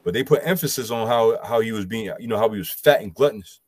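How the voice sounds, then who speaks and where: A man's voice: lowish voice, quick pace, a little mellow, no room sound. A man, loosely explaining scripture and health to a group with lots of "you know" fillers. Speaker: group discussion speaker. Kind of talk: casual scripture teaching.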